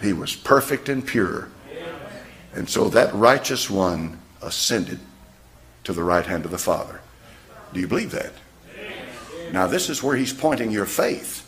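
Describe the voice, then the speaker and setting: A man's voice: on the low side, fairly bright tone. A man preaching a sermon in a church, firing rhetorical questions at his congregation. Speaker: pastor.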